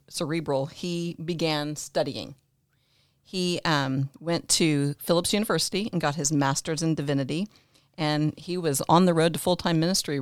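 A woman co-hosting a family conversation and calmly filling in the family history. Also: sits low, no room sound, clean studio sound. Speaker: podcast co-host, daughter of the guest.

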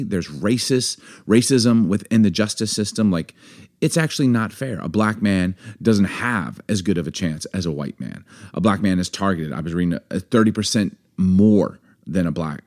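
A man's voice: low voice, a little mellow. A man in his forties co-hosting a podcast, talking candidly and emphatically, building up heat as he argues his point. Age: 40s. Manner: impassioned, emphatic, builds to anger. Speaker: podcast co-host. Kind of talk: candid conversation.

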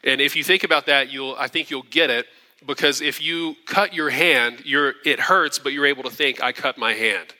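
A man preaching a sermon as pastor, earnest and animated, acting out the quotes he tells. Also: medium pitch, normal speed. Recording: long hall reverb.

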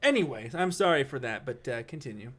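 A man telling a funny story in casual podcast chat, animated and laughing as he goes. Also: medium pitch, a little fast. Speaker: podcast co-host.

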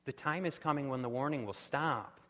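A man preaching a sermon with impassioned delivery, rising to loud pleading cries. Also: mid-range voice, normal speed, big-room sound. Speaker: pastor.

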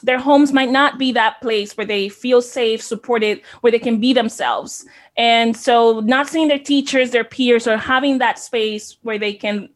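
A woman's voice: on the high side, a bit bright. A woman from the Dominican Republic, a child care center owner in her thirties, speaking earnestly and reflectively as an interview guest. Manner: earnest, reflective, repeats words when starting. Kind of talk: conversational interview.

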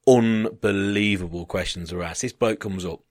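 A man spins a sweary, animated story in casual chat. He slips into quick impressions of the people he met. The sound is dry and close, with no room in it. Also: lowish voice, dry recording. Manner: animated anecdote-teller, swearing, mimicking others.

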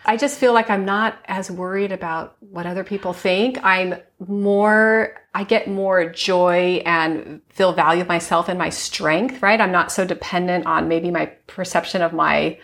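A woman's voice: lowish voice, fairly even intonation, measured pace, few pauses, fairly bright tone. Reflective woman host in her fifties. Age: 50s. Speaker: podcast host. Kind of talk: casual interview chat.

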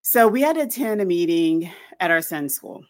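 Low-voiced woman telling a story casually. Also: moderate pace. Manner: animated storytelling with many fillers. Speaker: podcast co-host.

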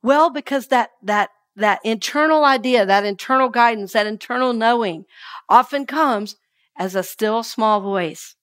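A woman minister preaches a sermon, shifting from hushed readings of scripture to lively call-and-response affirmations with her congregation. Her voice sits a little high, and she speaks a little slowly.

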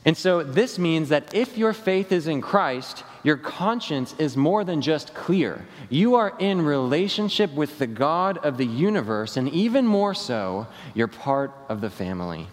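A man preaching a Sunday sermon as pastor, slowing down and dropping his voice at the ends of key phrases. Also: on the high side, big pitch swings. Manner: preaching with falling endings and slowed emphatic phrases. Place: church sanctuary. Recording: long reverb of a church hall.

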